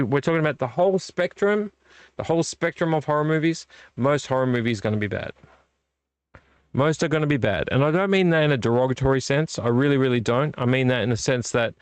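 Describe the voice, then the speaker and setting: A man's voice: a little high, clean tone, dry recording. A middle-aged man, hosting a casual live-stream vlog in a rambling, easily distracted way. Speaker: vlog host.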